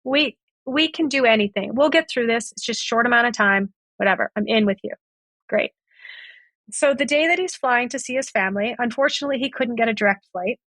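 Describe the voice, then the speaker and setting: Speaking fairly quickly in a high-leaning, fairly bright voice with no room sound, a woman shares a past relationship in a podcast interview. She acts out both people in the conversations she describes.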